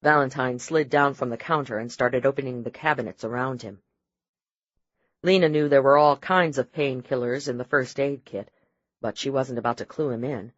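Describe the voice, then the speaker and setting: A man reading a thriller audiobook in measured, even scripted narration. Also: mid-range voice, no echo, muffled recording.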